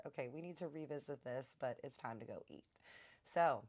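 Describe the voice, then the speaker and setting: A woman's voice: a bass voice, normal speed, darkish tone. A woman casually telling a personal story to her viewers, retelling the conversation line by line with "I was like" and "he's like". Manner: chatty, addresses viewers directly. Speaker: storytime host.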